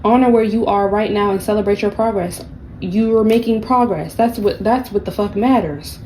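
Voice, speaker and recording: A woman's voice: mid-range voice, normal speed, a little mellow, slight background noise, rough recording. A woman giving a casual tarot reading, blunt and profane, with sassy, mocking asides. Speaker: tarot reader.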